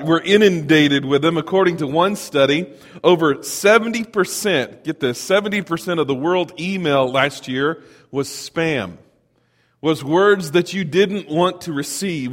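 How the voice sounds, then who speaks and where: Middle-aged male pastor, conversational sermon, echoing hall sound. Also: a little high. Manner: storytelling, animated, conversational.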